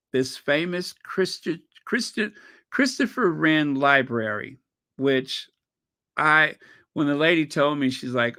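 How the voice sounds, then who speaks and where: African American man, unhurried, bright tone, rambling excited storyteller. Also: medium pitch, clear, resonant tone. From United States. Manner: rambling, excitable travel storytelling, pausing to recall. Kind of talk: casual chat.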